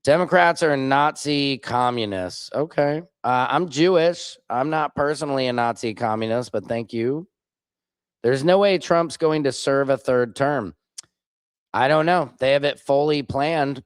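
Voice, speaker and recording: Unhurried and clear, with a resonant tone, a mid-range male voice comes across on a dry recording. He's a Missouri live streamer reading viewer comments and answering them with blunt sarcasm, plus loud reactions to clips.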